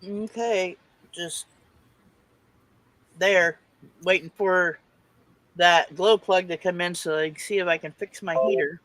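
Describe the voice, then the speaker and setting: A woman's voice: fairly low pitch, fairly even intonation, slow pace, long pauses, a bit bright, no room sound, rough recording. A woman, a guest chatting casually and rambling a little on a livestream. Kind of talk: casual chat.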